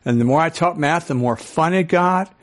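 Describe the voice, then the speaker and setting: Older male speaker, sixties, animated, audience questions, storytelling. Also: on the high side, normal speed. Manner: storytelling with acted-out quotes. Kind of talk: talk to a live audience.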